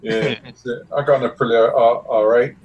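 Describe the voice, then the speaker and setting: A man in casual group chat, telling animated stories and mimicking other people. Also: medium pitch, moderate pace, lo-fi sound. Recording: noisy background.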